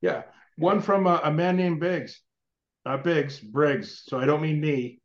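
A man's voice: on the high side, a little slow. A man hosting a podcast interview, reading out supporter questions in a friendly casual way. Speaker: podcast host. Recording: roomy, dull, distant mic.

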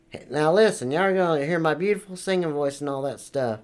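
A man's voice: on the high side, a little fast, hardly any pauses, clear, resonant tone. A man in crude improvised comedy banter, brash and swaggering, cursing freely and rapping with bravado. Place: studio.

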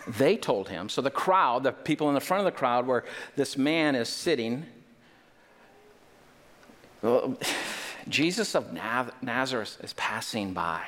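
A man's voice: medium pitch, sing-song, unhurried, fairly bright tone. A man preaching a sermon as pastor, emphatic, with joking asides and building intensity. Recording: long reverb of a large hall.

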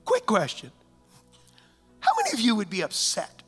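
A man's voice: high voice, wildly swooping pitch, moderate pace, a bit bright, slightly rough, faint music behind. A man, a pastor, preaching a sermon in church, telling a personal story and often asking the congregation whether they know what he means.

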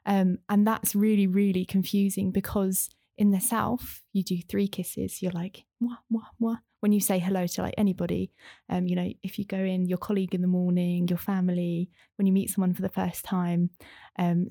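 A woman's voice: fairly low pitch, little pitch movement, moderate pace, dark tone, dry recording, clean studio sound. A young woman in casual conversation, talking in a chatty, rambling way with many fillers. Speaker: interview guest, former language student.

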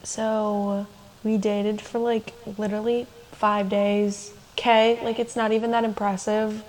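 A woman's voice: mid-range voice, level tone, slow pace, a little mellow, poor audio. A young woman co-hosting a podcast, telling a personal story in a loose, chatty way full of "like" and laughing asides. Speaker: podcast co-host. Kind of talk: casual storytelling chat.

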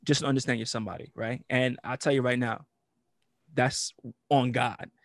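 A man co-hosting a casual podcast, his voice sitting in a middle range. He talks in loose, slangy banter and is quick to crack up. The sound is dry and close, with no room around it. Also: medium pitch, fairly even intonation, dry recording. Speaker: podcast co-host. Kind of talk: casual chat.

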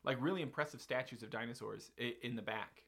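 Man, podcast host, loose animated storyteller, trips over his words. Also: medium pitch, fast talker, creaky. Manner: rambling, animated, many fillers and restarts. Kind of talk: casual storytelling chat.

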